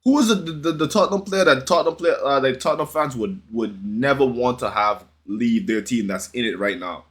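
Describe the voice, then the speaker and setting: Brief: man, mid pitch, lively swooping delivery, chatty reaction host. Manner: chatty, asks viewers questions, quick reactions. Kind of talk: casual reaction commentary.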